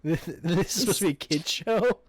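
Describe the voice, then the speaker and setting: A woman's voice: on the low side, animated, brisk, dry recording. A woman co-hosting a podcast in casual chat, blunt, swearing often and laughing at the story. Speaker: podcast co-host.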